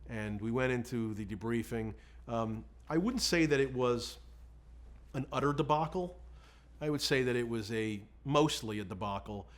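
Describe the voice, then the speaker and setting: Middle-aged man, frank animated storyteller. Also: mid-range voice, moderate pace. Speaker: defense lawyer. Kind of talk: candid recollection in an interview.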